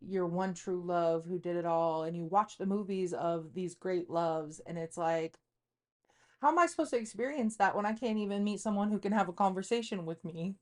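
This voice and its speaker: A woman's voice: on the low side, normal speed, darkish tone. A woman in her thirties co-hosting a podcast, speaking candidly and confessionally in casual chat, rambling with frequent fillers. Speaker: podcast co-host.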